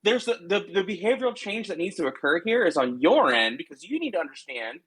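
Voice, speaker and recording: A man's voice: high-pitched, sing-song, fairly quick, a bit bright, breathy edge, rough recording. A man co-hosting a podcast with a throat tickle and a slightly nasal sound, defensive and lecturing in a casual argument. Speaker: podcast co-host. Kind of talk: casual bickering chat. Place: remote call, own room.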